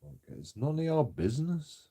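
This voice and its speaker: A man's voice: medium pitch, very animated, moderate pace, mellow, breathy edge. A man telling a story in a casual vlog, rambling and mocking, swearing freely and chuckling often. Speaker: channel host.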